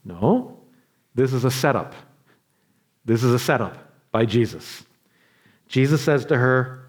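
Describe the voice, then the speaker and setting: A man preaching a sermon as a pastor. He drops to quiet asides and builds to impassioned appeals, acting out quoted voices along the way. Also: medium pitch, animated, slow, pauses often, husky. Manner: acts out quoted voices in a chatty way.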